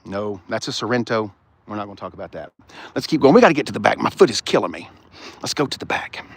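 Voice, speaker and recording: A man's voice: lowish voice, expressive, quick pace, vocal fry, husky. A middle-aged man, hosting a casual walk-around car review and ranting with blunt, profane opinions.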